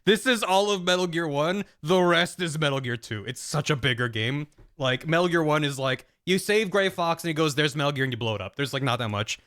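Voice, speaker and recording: Man, casual stream commentary, fast pace, rambling, restarts. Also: on the high side, fairly bright tone.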